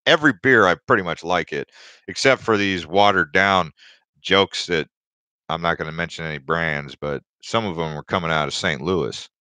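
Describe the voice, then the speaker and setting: A man's voice: sits low, normal speed, sharp tone, dry recording. A young man hosting a casual livestream, rambling through stories and viewer comments with lots of restarts. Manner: rambling, chatty, with many restarts and fillers. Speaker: crypto livestream host.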